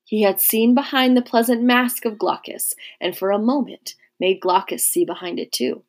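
A woman narrating a historical novel in a measured, even storytelling manner. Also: on the high side.

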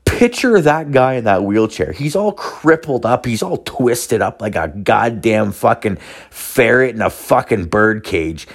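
A man's voice: on the low side, animated, measured pace. A man hosting a solo podcast from home, telling a profane, rambling story full of filler words. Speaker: podcast host.

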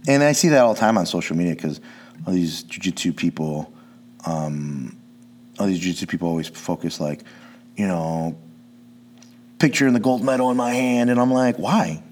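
A deep-voiced man who coaches jiu-jitsu rambles through a casual podcast chat. He restarts his sentences often and swears offhandedly. A faint hum sits behind his voice. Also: moderate pace, long pauses, a little mellow.

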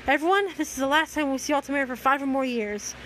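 An earnest young man, set on his plans and sincere in love, as a woman reads him aloud from a fan story. The voice sits high and the delivery stays plain, with small stumbles. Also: fast talker, a bit bright, slight background noise, rough recording. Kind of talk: reading fan fiction aloud.

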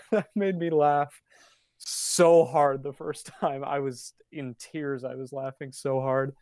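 Podcast co-host, casual chat, slow and halting, lots of fillers, laughs often, dry close sound. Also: medium pitch, dry recording. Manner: hesitant, with many fillers and frequent laughter. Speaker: podcast co-host reviewing an album.

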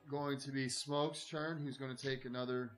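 A man's voice: medium pitch, moderate pace, faint music behind, poor audio. Laid-back man calling the dice. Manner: calls rolls and damage in a relaxed, matter-of-fact way. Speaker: dungeon master. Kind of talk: running a tabletop game.

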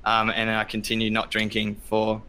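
Bright-voiced man telling a candid story. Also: on the low side, monotone, a little fast. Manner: open, reflective, many ums, acts out quotes loudly. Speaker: podcast guest.

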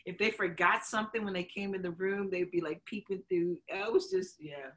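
Woman show host, candid storyteller with a bright, forceful voice, laughs easily and acts out what people said. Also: medium pitch, steady tone, brisk. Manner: emotional, chokes up while telling it; laughs often, acts out quotes. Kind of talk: candid conversation.

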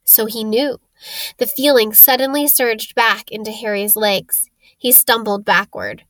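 A woman narrating a storybook chapter in a slow, dramatic reading. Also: a little high, fairly even intonation, a bit bright, no echo, low-quality recording. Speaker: audiobook narrator.

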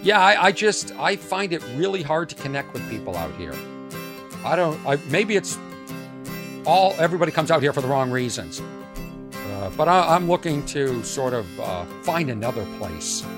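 A man's voice: a little high, big pitch swings, moderate pace, over music. A man from Boston hosting his podcast as a casual, rambling monologue full of asides and restarts. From Boston, USA. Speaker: podcast host.

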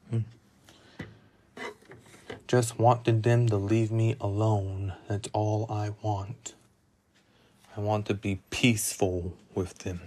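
A man's voice: fairly low pitch, little pitch movement, takes it slowly, long pauses, warm tone, a little hiss or hum. A man hosting a solo podcast who rambles and muses aloud, often putting himself down. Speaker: podcast host.

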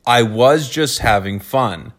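A playful American man hosting a relaxed podcast conversation. He jokes around and laughs easily as he talks. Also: mid-range voice, slow. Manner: playful, laughs often, jokey voices. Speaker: podcast host. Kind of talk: casual chat.

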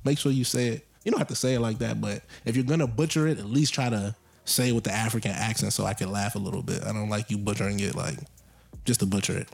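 Animated young man ranting casually. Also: lowish voice, quick pace, gravelly, husky. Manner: rambling, joking, animated rants. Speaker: podcast co-host. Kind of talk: casual chat.

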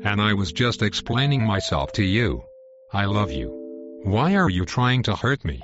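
An actor playing a calm, hurt husband who explains himself in a measured, pleading way, in a muffled recording with music underneath. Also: male voice, on the low side. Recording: muffled sound with music behind.

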